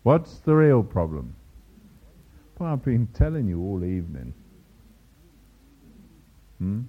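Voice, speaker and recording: A man preaching a sermon to a congregation, lively and teasing, mimicking other preachers' voices for humor. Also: fairly low pitch, slow pace, breathy edge. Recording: dull lo-fi sermon recording.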